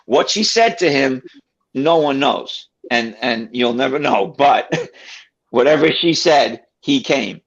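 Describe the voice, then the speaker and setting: In a slow, medium-pitched voice marked by vocal fry, a man casually shares a personal tale. He's animated, voicing the characters as he quotes them, over a dull, lo-fi recording.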